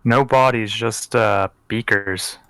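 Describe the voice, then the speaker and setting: A man playing in a tabletop game, speaking hesitantly with halting restarts. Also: lowish voice, steady tone, sharp tone, clean tone, no room sound. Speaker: player.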